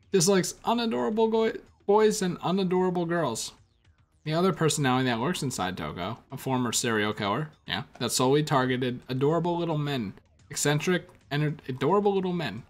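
A man doing casual gameplay commentary, reading menu text aloud with wry asides. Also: mid-range voice. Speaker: let's play gamer.

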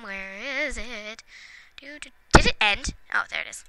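A woman's voice: mid-range voice, moderate pace, vocal fry. A woman giving casual gameplay commentary at home, chatting to the game's characters and chuckling often. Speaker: let's play gamer. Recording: noticeable background noise with clicks.

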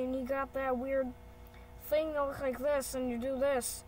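A woman's voice: high voice, flat delivery, moderate pace, darkish tone, a little hiss or hum, rough recording. A woman giving rambling, playful commentary while using a computer, correcting herself as she goes. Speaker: channel host. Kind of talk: casual screen-recording commentary. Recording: keyboard and mouse clicks behind. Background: typing and clicking.

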